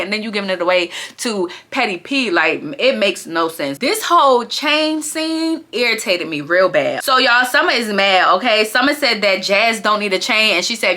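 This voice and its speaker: Bright, animated woman recapping gossip. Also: medium pitch, moderate pace. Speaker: reality show recap vlogger. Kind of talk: casual show recap.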